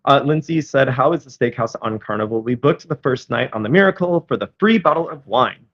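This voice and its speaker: Co-host, man, relaxed and agreeable, reads comments aloud; mid pitch, muffled live-stream audio. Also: brisk. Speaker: co-host reading viewer comments. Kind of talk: casual live-stream chat.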